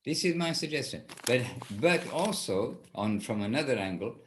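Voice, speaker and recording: A man's voice: mid-range voice, animated, normal speed, slight background noise. A man teaching an informal class, talking in a rambling way and often correcting himself. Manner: rambling, self-correcting, with restarts. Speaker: spiritual teacher leading a class.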